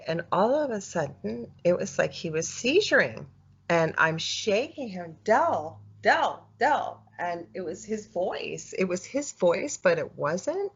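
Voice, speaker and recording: Low-voiced woman telling her story haltingly. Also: vocal fry, husky. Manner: halting, many fillers and restarts. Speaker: podcast guest. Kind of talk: casual storytelling interview. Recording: dull lo-fi audio.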